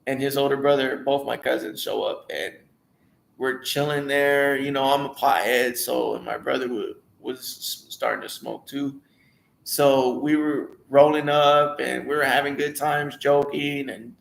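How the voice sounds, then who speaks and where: A man's voice: mid-range voice, vocal fry, echoey room. A young man candidly telling a rambling personal story, restarting and acting out quoted voices.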